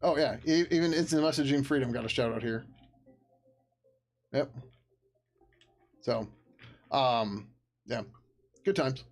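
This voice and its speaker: A man's voice: mid-range voice, a little slow, pauses often. A man chatting casually on a live stream about his open source project, rambling loosely, laughing and swearing now and then, sounding tired.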